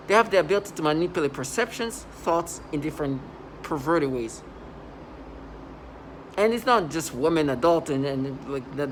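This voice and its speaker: A man talking in a rambling vlog monologue, halting and restarting, with sudden loud agitated outbursts. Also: a little high, slight background noise, low-quality recording. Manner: halting, many restarts and fillers. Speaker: vlogger.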